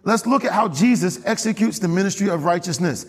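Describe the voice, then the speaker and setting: Inside a church hall with long reverb, a male pastor preaches a sermon, often asking the congregation questions and waiting for them to respond. His high-pitched voice is expressive and a little fast, with a breathy edge.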